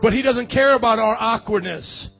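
High-voiced excitable male preacher. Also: normal speed, creaky. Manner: excitable, loud outbursts, then drops low to muse. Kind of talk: charismatic sermon. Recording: dull lo-fi church recording with faint music.

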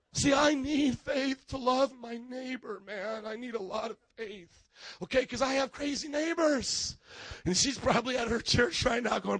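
A man preaching in a church, telling lively stories and acting out his neighbors, swinging from loud to quiet. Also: very high-pitched, unhurried, vocal fry, husky, dry recording. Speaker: pastor. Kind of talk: sermon.

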